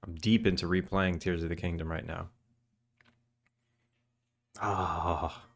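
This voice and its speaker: Sleepy low-voiced man streaming. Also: slow pace, gravelly. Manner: drowsy, relaxed, chatty greetings to viewers. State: just woken up, morning voice. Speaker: game developer streamer. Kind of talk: casual live-stream chat.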